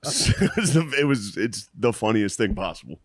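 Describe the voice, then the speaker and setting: A man's voice: lowish voice, big pitch swings, moderate pace, no echo, clean studio sound. A man co-hosting a comedy podcast, telling school stories in casual chat and laughing through them. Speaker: podcast co-host.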